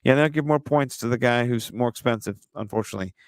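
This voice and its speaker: A man co-hosting a casual fantasy football show, joking and swearing through lively banter. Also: medium pitch, fast talker, no echo. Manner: joking, profane, animated banter. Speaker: podcast co-host.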